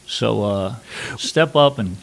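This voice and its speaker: A middle-aged man from New York City, a war correspondent telling a personal story at a workshop, halting with many fillers. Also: fairly low pitch, animated, gravelly. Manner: halting, with frequent fillers and restarts.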